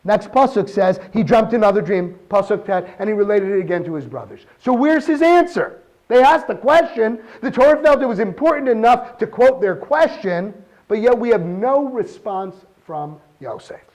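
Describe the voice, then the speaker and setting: A man giving a weekly Torah talk, reading verses in Hebrew and asking pointed questions in an animated way. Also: high voice, normal speed. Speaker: Torah teacher.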